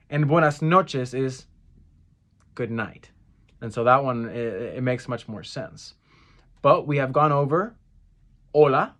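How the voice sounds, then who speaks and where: A young man giving a casual spoken lesson for a church group, earnest and repeating each phrase slowly so listeners can practice. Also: mid-range voice, fairly bright tone. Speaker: church language teacher.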